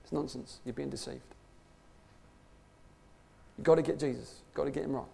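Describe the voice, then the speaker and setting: A man's voice: medium pitch, steady tone, normal speed, creaky, dark tone. A man preaching a conversational sermon, emphatic and full of rhetorical questions. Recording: long hall reverb.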